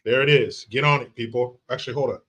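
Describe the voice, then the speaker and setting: A man hosting a loose livestream who chats straight to his viewers, greeting them by name. His talk is animated and salted with swearing. His voice sounds bright and forceful. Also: mid-range voice, fast talker, husky. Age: adult father of young children. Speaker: livestream host. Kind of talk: casual livestream chat, reading viewer comments.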